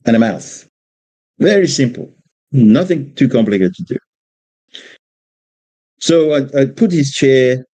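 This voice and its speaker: A man from Australia, a father, speaking informally about raising children, halting and repeating words as he tells stories about his young son. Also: medium pitch, mellow, dry recording, low-quality recording. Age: adult parent of a two-year-old. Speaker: speaker giving a religious exposition on parenting. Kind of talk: informal talk with personal stories.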